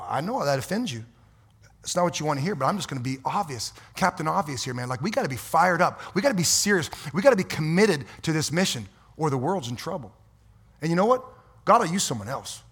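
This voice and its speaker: A man preaching a fiery, folksy sermon as pastor in a church, swinging from quiet asides to loud exhortation. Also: a little high, breathy edge. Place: church sanctuary.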